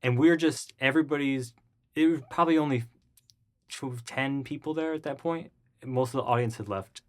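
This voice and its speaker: A man guest in an interview, telling a story casually and acting out the voices of the people in it. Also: normal speed. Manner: animated, acts out the voices of people in his story; jumps high and loud when excited.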